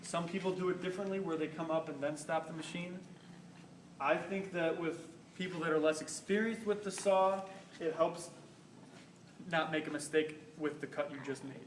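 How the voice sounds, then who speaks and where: A young man with a fairly high voice speaks at a moderate pace, casually walking through band saw safety in a school workshop and moving about the machine as he explains. This shop safety instructor is informal, returning repeatedly to "basically" and "rule of thumb". Captured by a distant camera microphone, the audio is roomy, with slight background noise.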